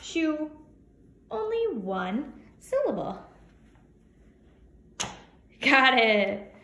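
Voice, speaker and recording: A woman teaching young children to count syllables. She is cheerful and encouraging, and she stretches words out slowly as she counts their syllables, recorded on a phone she holds in her hand. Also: mid-range voice, big pitch swings, fairly bright tone. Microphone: phone held in hand. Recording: echoey room with faint ambience.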